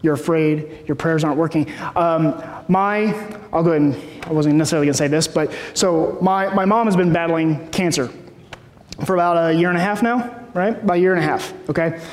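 A pastor in his thirties preaches a sermon conversationally, often checking in with the room, in a fairly high voice at a fairly quick pace. The hall is echoey, with slight background noise.

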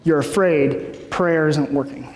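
A man's voice: a little high, slow, darkish tone. A man in his thirties preaching a sermon in a conversational way, often checking in with the room. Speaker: pastor. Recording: echoey hall.

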